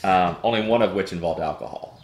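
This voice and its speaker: Man, host, deep voice, rapid casual chat, wry storytelling. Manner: animated, wry anecdote-telling. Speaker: show host. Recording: roomy echo.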